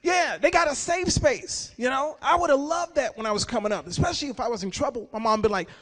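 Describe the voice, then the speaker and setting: A stand-up comedian in his forties with a strikingly high voice for a man. He tells his stories with animation, slipping in and out of the characters he describes. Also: fast. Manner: animated storytelling, acting out characters.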